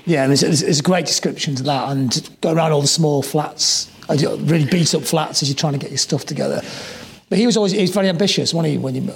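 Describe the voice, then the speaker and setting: Male stage interviewer, rapid and slightly high, brief prompts, faint room ambience. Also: creaky, slight background noise. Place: live venue stage with an audience.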